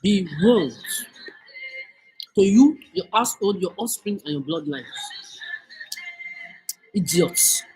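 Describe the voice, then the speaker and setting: Nigerian woman, angry rant, cursing, scolding, mid-pitched voice. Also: expressive, a little slow, pauses often, warm tone, husky, soft background music, rough recording. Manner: cursing, scolding, mixes in Pidgin. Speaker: vlogger.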